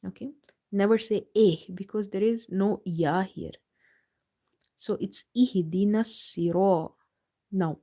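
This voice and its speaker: A woman teaching Quran recitation in a live online lesson, patiently repeating each word slowly for her students. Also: medium pitch, dark tone. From United Kingdom.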